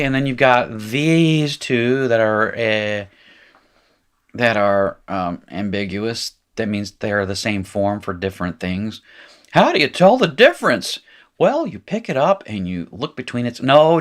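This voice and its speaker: A man teaching a language lesson at a board, patiently drilling forms aloud with wry asides. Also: fairly low pitch. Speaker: Hebrew teacher. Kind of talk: classroom lecture at a whiteboard.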